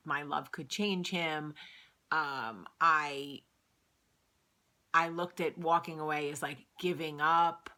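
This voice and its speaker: A woman's voice: low-pitched, sharp tone. A woman in her late thirties hosting a vlog, chatting candidly with lots of fillers. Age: late 30s. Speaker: vlog host. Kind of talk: casual chat.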